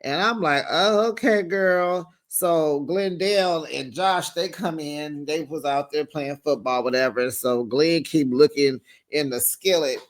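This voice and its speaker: A man's voice: a little high, measured pace, hardly any pauses. A man giving a casual, gossipy reality TV recap, sassy and laughing as he calls viewers honey and child. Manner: laughs often while telling the story.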